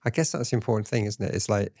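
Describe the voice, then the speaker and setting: A man's voice: on the low side, racing, vocal fry, a little mellow, dry recording, studio quality. A man interviewing a guest, asking questions hesitantly with restarts and many "I guess" phrases. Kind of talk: conversational interview.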